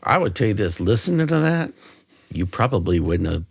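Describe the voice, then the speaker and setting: A man's voice: lowish voice, very animated, brisk, creaky, husky, dry recording. A man hosting a podcast interview, blunt and plainspoken, swearing casually as he explains things for listeners. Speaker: podcast host.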